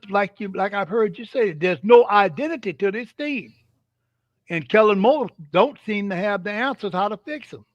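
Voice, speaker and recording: An older man co-hosting a sports show, speaking in a halting, measured way and stumbling over his words. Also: high voice, dry recording. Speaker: co-host. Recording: dull lo-fi dry sound.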